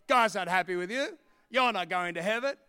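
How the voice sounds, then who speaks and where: A preacher putting on the devil, a taunting male accuser. The voice comes out loud and somewhat raised in pitch. It mocks the listener. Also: brisk, smooth, big-room sound.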